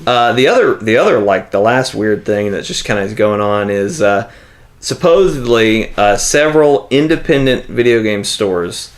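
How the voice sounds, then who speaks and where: A man's voice: on the low side, expressive, normal speed. A man hosting a casual gaming podcast, chatting in a rambling way and laughing often. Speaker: podcast host.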